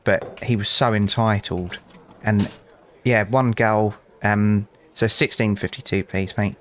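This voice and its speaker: Low on the pitch scale and fairly bright, this young man's voice comes with a little hiss or hum. He's a British gaming channel host doing relaxed let's play commentary, talking to customers and rambling through stories with dry wit.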